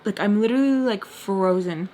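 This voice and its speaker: A woman's voice: medium pitch, normal speed, warm tone, slight background noise. A young woman telling a storytime vlog in casual chat, blunt and full of fillers, swearing now and then. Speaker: storytime vlogger.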